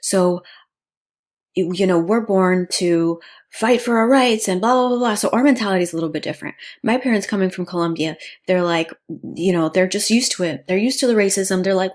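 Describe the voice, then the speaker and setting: A woman's voice: medium pitch, brisk. A young woman born in the United States telling a personal story on her vlog in an earnest, indignant way. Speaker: vlogger.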